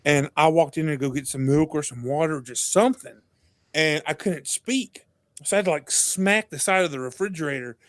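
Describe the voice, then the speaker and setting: Male podcast guest, lively storyteller who acts out quotes, slightly high voice, dry close mic. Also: fairly quick, no room sound. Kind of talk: casual chat.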